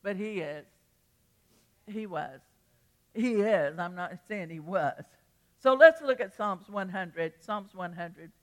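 A woman's voice: mid-range voice, animated, slow, pauses often. An older woman pastor preaching a sermon, telling a rambling story with restarts and bursts of feeling.

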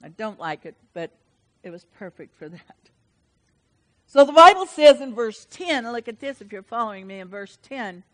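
A woman preaching a sermon with an animated, dynamic delivery that swings between hushed and loud. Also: on the high side, normal speed, big-room sound, rough recording.

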